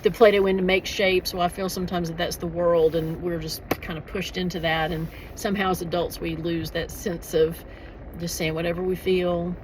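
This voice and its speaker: A woman's voice: lowish voice, flat delivery, normal speed, noisy background. A middle-aged woman chatting casually in a vlog, rambling with frequent restarts and laughs. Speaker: author and vlogger.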